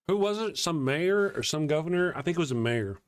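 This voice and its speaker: A man's voice: a little high, animated, brisk, clear, resonant tone, dry recording. A man co-hosting a live talk show, chatting casually about politics, sardonic and profane, thanking viewers from the chat. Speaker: co-host of a call-in show.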